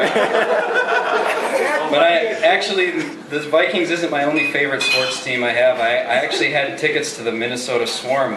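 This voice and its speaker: A man doing a hesitant, halting stand-up routine at an open mic. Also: medium pitch, far from the mic. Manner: hesitant, halting, restarts often. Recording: echoey room, mic from afar, noisy.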